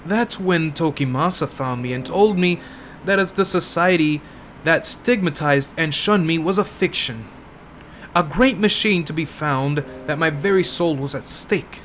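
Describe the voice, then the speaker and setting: A man voicing a worn-out old woman, husky and tired, grieving and bitter. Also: on the high side, measured pace, fairly bright tone, slight background noise. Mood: somber. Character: weary older woman, grieving former cult member.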